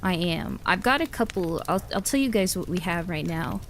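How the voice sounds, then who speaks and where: A woman's voice: lowish voice, animated, normal speed, a bit bright, slight background noise. A woman livestreamer chatting casually with her viewers, rambling, giggling often and restarting her sentences. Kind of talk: casual chat with live chat.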